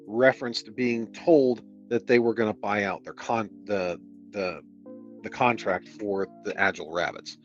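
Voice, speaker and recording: An exasperated man reading a novel aloud on a stream, pausing for sardonic, profane rants about the book. His voice sits low, and the audio is dull and lo-fi with faint music underneath. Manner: exasperated, sardonic, swears freely. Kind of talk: book reading with casual commentary.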